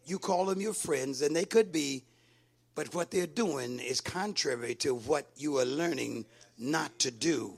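A man preaching a sermon, calling out to the congregation and rising from quiet talk to sing-song shouting. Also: on the high side, expressive, moderate pace. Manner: call-and-response with congregation.

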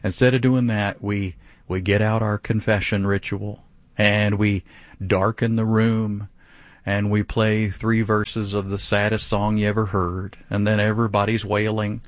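A man with a lowish voice, a pastor taking a call on a teaching show. He preaches in an animated, emphatic way, pushing hard on his points. The sound is dry and close, with no room echo. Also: normal speed. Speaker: pastor answering callers.

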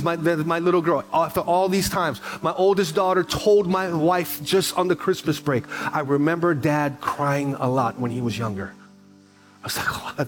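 Middle-aged male pastor, sermon delivery, acts out conversations, repetitive emphasis, soft music under. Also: fairly high pitch. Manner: storytelling, acts out dialogue, repeats phrases for emphasis.

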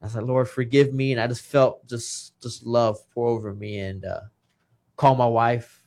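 A man's voice: medium pitch, steady tone, unhurried, a little mellow. A man in his thirties, a retired boxer, telling his story in a casual interview with emotion and repeated words. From Texas.

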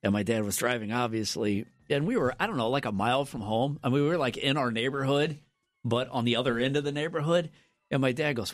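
A middle-aged man co-hosting a casual chat, telling relaxed stories and laughing at his own anecdotes. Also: medium pitch, quick pace, faint music behind. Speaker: co-host.

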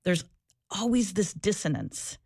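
A woman's voice: medium pitch, very animated, measured pace, gravelly, a little mellow, husky, dry recording, clean studio sound. A middle-aged woman, a former social worker, telling her own story in an interview, earnest and emphatic with frequent restarts. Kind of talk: candid personal storytelling.

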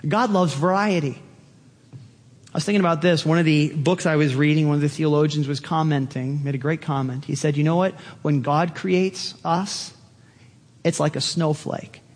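A man preaching a sermon as pastor, animated, climbing to excited peaks as he drives his point home. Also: a little high, moderate pace, big-room sound.

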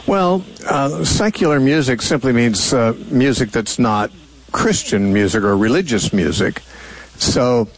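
A man's voice: medium pitch, animated, a little slow, low-quality recording. An older man hosting a call-in radio Bible show, answering callers with thoughtful, rambling explanations full of fillers and restarts.

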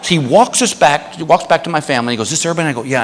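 A man doing stand-up comedy, telling a story and acting out the people in it, rising to shouts at the punchlines. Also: on the high side, very fast. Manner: animated, acts out voices, shouts for punchlines. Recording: hall reverb with faint noise.

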